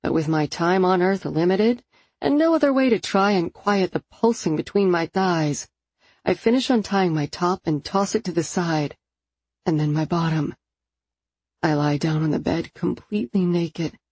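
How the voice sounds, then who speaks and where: A woman narrating a first-person romance novel in an intimate, expressive storytelling manner. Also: fairly low pitch, normal speed, husky, no echo. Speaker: audiobook narrator.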